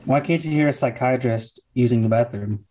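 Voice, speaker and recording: A speaker telling dad jokes in a casual chat, delivering the punchlines in a flat, matter-of-fact way. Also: medium pitch, fairly quick. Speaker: joke teller in a try-not-to-laugh game. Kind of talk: casual joke swapping.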